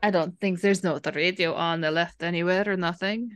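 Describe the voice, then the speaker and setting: Low-key, thoughtful woman player. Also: fairly even intonation, normal speed, smooth, no room sound, faint music behind. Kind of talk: casual tabletop game play.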